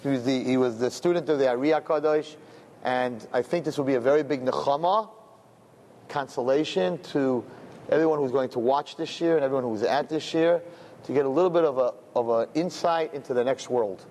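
A man's voice: medium pitch, brisk, darkish tone, a little hiss or hum. A man telling a religious story to a gathering, often repeating phrases and glossing Hebrew terms in English. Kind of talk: storytelling talk.

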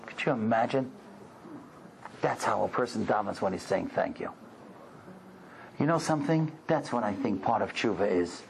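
A man's voice: on the low side, expressive, moderate pace, vocal fry, pauses often, a little hiss or hum, poor audio. A man giving a storytelling talk to a congregation, exclaiming and asking rhetorical questions. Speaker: religious speaker.

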